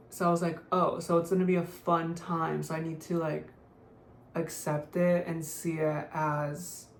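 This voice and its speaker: Here the young beauty vlogger has a low, creaky voice as she chats offhandedly through a casual makeup tutorial, leaning constantly on "like." The recording is roomy and echoey, with a faint hiss.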